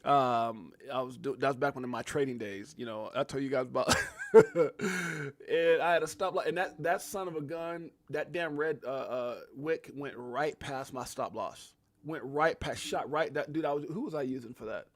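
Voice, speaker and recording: A man hosting a casual crypto livestream, animated, reacting with loud exclamations and laughter. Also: mid-range voice, normal speed, no echo.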